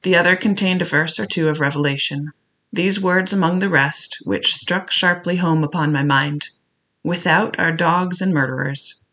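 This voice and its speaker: A man reading a classic adventure story aloud as a first-person narrator. He keeps a measured, reflective telling, and his voice has a bright, forward tone. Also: on the high side. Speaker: audiobook narrator.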